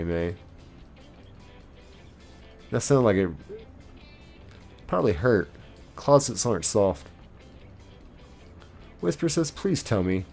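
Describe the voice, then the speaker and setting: Low-voiced man reading out stream chat. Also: gravelly, a little mellow. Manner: reads chat messages aloud and answers them playfully. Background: faint game music.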